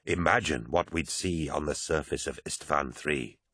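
A man reading an audiobook, voicing an old male orator who reasons in a measured, persuasive way. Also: very deep voice, fairly bright tone, breathy edge, no room sound, studio quality, voice pushed down, full character voice. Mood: reasoning.

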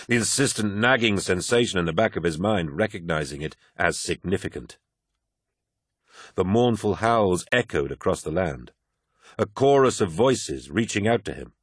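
A man reading a dark fantasy audiobook in a measured, dramatic narration. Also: fairly low pitch, no echo, studio quality.

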